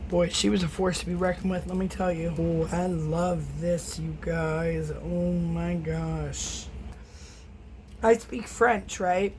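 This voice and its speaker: A woman's voice: fairly low pitch, fairly even intonation, slow, noisy background. A middle-aged woman, an acrylic pour artist, chatting casually and rambling while she paints in her home studio. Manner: chatty, rambling, self-teasing.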